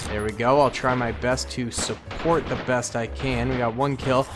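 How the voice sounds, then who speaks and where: A young man giving excitable gameplay commentary as a gaming video host, breaking into loud reactions. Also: medium pitch, moderate pace, background noise. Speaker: gaming YouTuber. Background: game music and gunfire.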